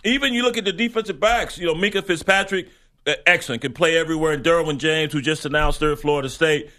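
A man's voice: on the high side, fast, sharp tone. A man co-hosting a sports radio show, talking casually about football with lots of restarts and fillers. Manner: rambling, many restarts and fillers.

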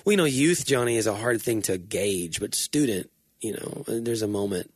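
A man co-hosting a casual chat podcast, easygoing and quick to laugh. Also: lowish voice, husky, no room sound, clean studio sound. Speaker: podcast co-host.

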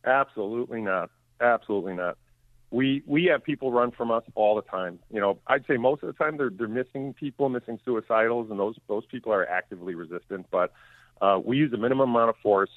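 A man's voice: mid-range voice, brisk, dry recording. A man, a county sheriff speaking firmly and plainly as a guest in a radio interview. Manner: firm, plainspoken, repeats words when emphatic. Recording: tinny phone line.

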